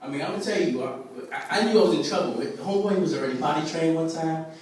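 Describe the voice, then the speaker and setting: A man with a fairly high voice doing laid-back, streetwise stand-up and chatting with the crowd. The sound is very echoey and comes from a mic some way off. A busy dinner crowd sits behind him. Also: very fast, distant mic. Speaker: stand-up comedian. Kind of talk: open mic stand-up comedy. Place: restaurant dinner show. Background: lively crowd laughing.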